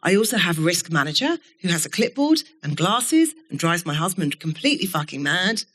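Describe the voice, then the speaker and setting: A middle-aged woman giving a keynote talk to a live audience, telling stories in a candid, animated way and swearing now and then. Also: fairly low pitch, a little fast. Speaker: keynote speaker. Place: event studio before an audience.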